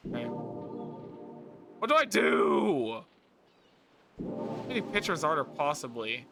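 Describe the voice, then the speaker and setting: A man's voice: a little high, very animated, takes it slowly, creaky. A man giving let's play commentary on a video game, exasperated and swearing often. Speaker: gaming video creator. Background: game music.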